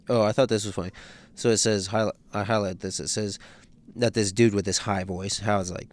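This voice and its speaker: A man's voice: on the low side, steady tone, normal speed. A man casually recapping a novel in slangy, laid-back talk, with plenty of fillers. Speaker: book read-through host.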